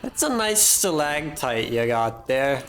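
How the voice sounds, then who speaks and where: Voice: medium pitch, big pitch swings, slow, a bit bright, a little hiss or hum. A young adult streamer giving live gameplay commentary, thinking aloud, swearing and mocking their own mistakes.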